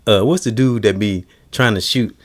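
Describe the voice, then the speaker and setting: A man's voice: on the low side, normal speed. A man hosting a comedy show, chatting casually and telling stories by acting out cartoon scenes. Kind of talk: casual chat.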